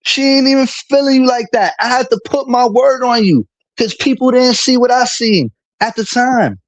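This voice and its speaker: A man's voice: extremely high pitch, animated, normal speed, no room sound. A man streaming a casual, heated monologue, full of street slang and repetition as he vents about a friend.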